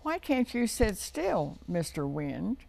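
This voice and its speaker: A woman voicing a restless, curious little girl in a read-aloud storybook, lifting her voice higher for the child. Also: sing-song, takes it slowly, creaky, darkish tone, exaggerated voice. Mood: eager.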